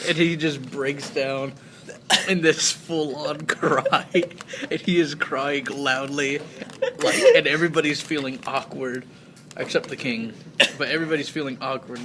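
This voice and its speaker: A man's voice: a little high, a little slow. A man narrating his character's actions in a tabletop role-play, loose and laughing. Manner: lively, laughing, frequent fillers. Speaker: tabletop game player. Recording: noisy home recording.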